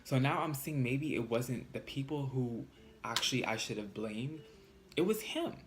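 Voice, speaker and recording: A man's voice: mid-range voice, moderate pace, background noise. A young man from California telling a sassy, swearing storytime vlog with lots of fillers. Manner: animated, sassy, swears freely. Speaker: vlogger.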